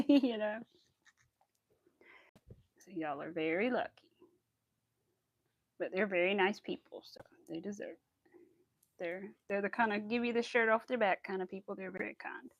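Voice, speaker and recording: A woman's voice: medium pitch, measured pace, pauses often, no room sound. A young woman chatting casually while she crafts, exclaiming often and saying y'all. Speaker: crafting vlogger.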